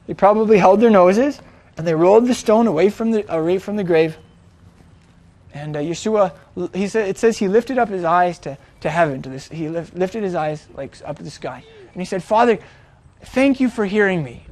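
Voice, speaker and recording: A man's voice: sits high, normal speed, darkish tone. A man retelling a story in a chatty, informal way, with frequent restarts and fillers. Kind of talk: casual storytelling.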